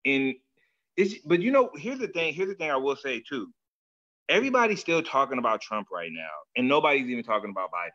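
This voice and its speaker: A man's voice: mid-range voice, very animated, fairly quick, sharp tone. A man hosting a casual chat, talking loosely and animatedly with lots of slang and often acting out other people's words. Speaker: podcast host. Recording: dull lo-fi audio.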